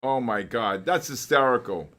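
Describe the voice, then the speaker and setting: A man hosting a live trading stream, excitable and joking as he calls out market moves to his viewers. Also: mid-range voice, normal speed. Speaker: host of a live trading session.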